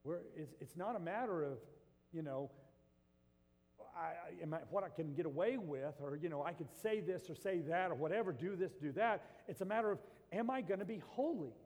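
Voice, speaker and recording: A man preaching a sermon as pastor, swinging between loud emphasis and hushed asides. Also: a little high, expressive, fairly quick, long reverb tail.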